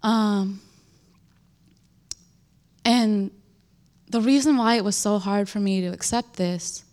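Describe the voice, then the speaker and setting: Slow, earnest woman sharing her testimony. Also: medium pitch, darkish tone. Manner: earnest, halting, full of "like" and restarts. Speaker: churchgoer giving a testimony. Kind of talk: personal faith testimony.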